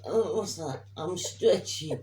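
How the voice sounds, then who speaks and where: A woman telling a lively family story in a casual chat, acting out what she said. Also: lowish voice, unhurried, reverberant, distant mic, crowd noise. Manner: animated, mimics her own commands.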